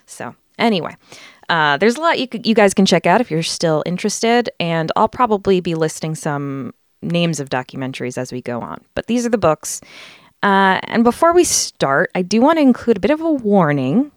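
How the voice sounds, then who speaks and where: A very animated woman with a voice on the low side talks at a moderate pace in a dry, studio-quality recording. As a podcast host from the United States, she blends casual conversation with research narration and leans on fillers often.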